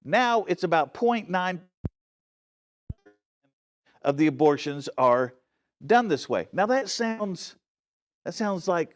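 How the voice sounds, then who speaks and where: A man's voice: sits high, lively intonation, takes it slowly, pauses often. Earnest man teaching a church Bible study. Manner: earnest, emphatic, often checking in with the listeners; frequent restarts and self-corrections.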